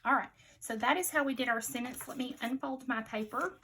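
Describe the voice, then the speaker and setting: A woman teacher giving a slow spelling dictation to young children, patiently repeating each word with care. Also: high-pitched, bright, forceful tone, slight background noise, low-quality recording.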